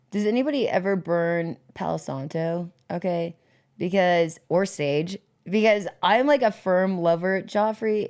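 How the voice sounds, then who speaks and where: A woman's voice: on the low side, gravelly, a little mellow. A woman hosting a casual livestream, rambling with lots of fillers, laughing often and greeting viewers in the chat by name. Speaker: livestream host.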